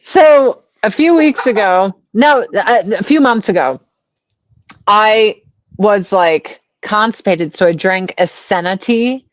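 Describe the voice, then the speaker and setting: Crude, animated woman telling stories. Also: medium pitch, no echo. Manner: animated, crude, laughing storyteller. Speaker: guest. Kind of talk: casual storytelling chat. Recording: dull lo-fi sound.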